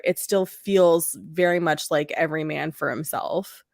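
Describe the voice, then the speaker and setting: Woman, podcast co-host, casual film chat, lowish voice, dry close sound. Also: normal speed, hardly any pauses, no echo. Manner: chatty, acts out quotes in lively voices.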